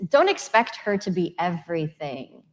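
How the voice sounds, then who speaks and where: A woman's voice: fairly low pitch, very animated, normal speed. A woman chaplain speaking candidly as a panelist, self-deprecating. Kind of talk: live panel discussion.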